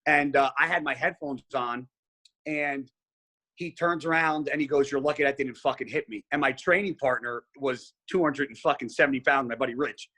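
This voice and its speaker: A male podcast guest, a pro bodybuilder, telling a gym story in a casual, animated way and swearing freely. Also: medium pitch, normal speed.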